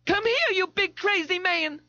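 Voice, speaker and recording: Shrieking flighty showgirl, voiced by a man, very high and shrill, lo-fi tape. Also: a little slow, sharp tone, no echo, heavily acted. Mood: hollering. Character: flighty shrieking young female dancer. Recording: dull lo-fi tape.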